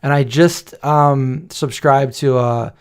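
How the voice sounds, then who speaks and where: Speaking slowly in a clean, mid-range voice with fairly even intonation, a forties-aged man hosts a late-night livestream. His talk to the chat is casual and nostalgic, full of rambling, playful stories and old jingles sung aloud.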